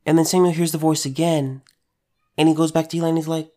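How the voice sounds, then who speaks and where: Talking fast in a warm, slightly high voice with a level tone, a male preacher offers an informal devotional talk. He sounds earnest and conversational, leaning on repetition for emphasis and often restarting.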